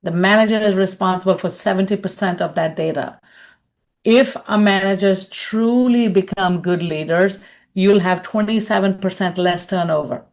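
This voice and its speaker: A woman's voice: mid-range voice, normal speed, a little mellow. A woman leadership consultant giving a webinar, telling personal stories in a chatty way and often tagging her sentences with "right?". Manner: chatty storyteller, tags lines with "right?".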